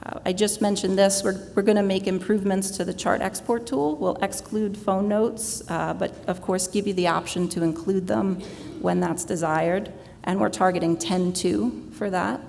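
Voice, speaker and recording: A woman presenting product plans at a conference in a relaxed way, with fillers. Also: moderate pace, creaky. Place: large conference hall. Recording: reverberant hall with low rumble.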